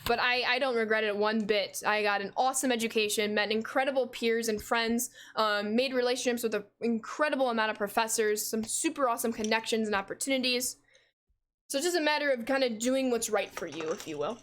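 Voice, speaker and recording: A young American woman in her twenties, a gaming streamer chatting casually with her viewers, loud and talkative, reading chat aloud and laughing often. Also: a little high, brisk. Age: 20s. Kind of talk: casual livestream chat while playing.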